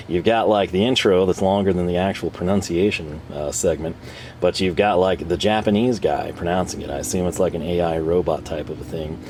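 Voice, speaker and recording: Low-voiced man rambling through a tool review. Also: steady tone, moderate pace, darkish tone, a little hiss or hum. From North America. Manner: rambling, self-deprecating, chuckles often. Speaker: tool reviewer and channel host. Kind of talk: casual product review.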